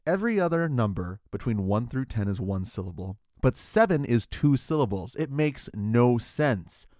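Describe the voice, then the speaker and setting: A man hosting a podcast, delivering a rambling, mock-serious absurdist comedy monologue in a deadpan way. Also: medium pitch, normal speed, few pauses, no echo, studio quality. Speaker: podcast host.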